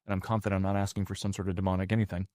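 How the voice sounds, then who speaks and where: A man's voice: sits low, little pitch movement, very fast, dark tone, dry recording, studio quality. A man telling a long personal story in casual chat, with many restarts and fillers. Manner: rambling, frequent restarts and fillers.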